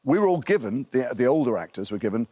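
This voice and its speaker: A man's voice: mid-range voice, very animated, quick pace, crowd noise. A middle-aged man from Liverpool, an actor guest on a breakfast TV interview, telling chatty, self-mocking anecdotes. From Liverpool, England.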